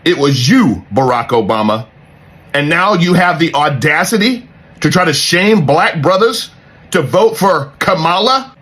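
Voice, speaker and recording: A man's voice: fairly high pitch, a bit bright, husky. A man in a political reaction video, heated and mocking, talking straight at a politician.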